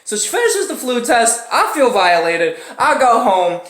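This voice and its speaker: A man's voice: very high-pitched, very animated, measured pace, fairly bright tone, echoey room. A young man telling a story in a casual, profane way, acting out the people he quotes with laughs and grunts.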